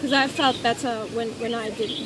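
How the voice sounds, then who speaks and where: A woman's voice: on the high side, steady tone, moderate pace. A woman in an audience asking tentative, hesitant questions at an outdoor gathering. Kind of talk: casual questions. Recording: noisy outdoor ambience with traffic.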